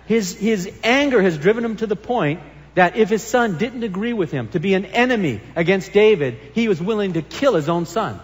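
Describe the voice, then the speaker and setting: A man preaches a sermon as pastor, reading and explaining scripture in an earnest, emphatic manner. His voice is high-pitched and expressive at a normal speed, and the recording carries a long hall reverb.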